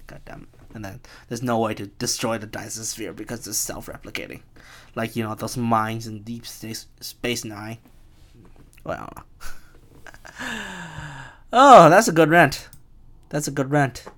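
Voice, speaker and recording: A man's voice: medium pitch, lively intonation, measured pace, long pauses, a bit bright. A man in his twenties hosting a solo podcast, rambling through a rant with a chuckling, profane, self-mocking manner. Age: 20s. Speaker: podcast host.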